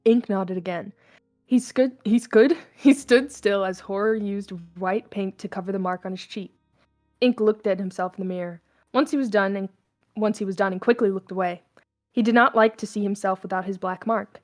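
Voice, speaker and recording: A young woman reads fan fiction aloud in a casual, unpolished way, often stumbling and restarting. Her mixed accent keeps slipping toward Southern US. The pitch sits at an ordinary middle for a woman. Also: fairly even intonation, moderate pace, faint music behind. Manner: casual, stumbling, laughing asides.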